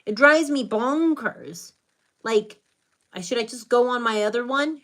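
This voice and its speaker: Unhurried and fairly bright, her voice sits on the high side. This middle-aged American woman, who has a Hispanic Latin accent, greets live stream viewers by name and offers them earnest, contemplative spiritual advice.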